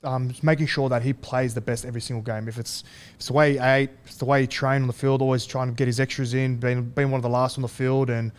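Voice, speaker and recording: A man's voice: medium pitch, clean tone. Casual guest in his thirties, easygoing anecdotes, lots of stops and starts. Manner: relaxed, halting, chuckles often. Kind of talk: casual storytelling.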